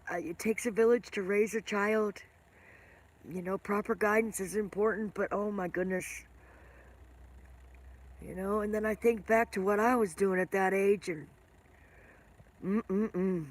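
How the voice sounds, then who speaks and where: A woman's voice: medium pitch, a little mellow. An older woman hosting a casual live stream, rambling and chatting with viewers by name, with a smoker's cough.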